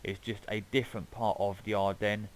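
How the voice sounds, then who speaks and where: Guy rambling through gameplay commentary, lowish voice, swears a bit. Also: level tone, normal speed, poor audio. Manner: chatty, rambling, swears casually. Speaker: gaming YouTuber.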